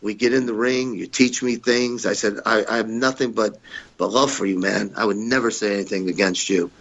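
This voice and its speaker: A man who is a guest on a podcast, telling stories in a lively way and acting out the other people's lines. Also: lowish voice, a little fast, gravelly, highs cut off. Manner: animated storyteller who acts out the quoted voices. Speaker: podcast guest, retired wrestler. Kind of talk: storytelling in an interview.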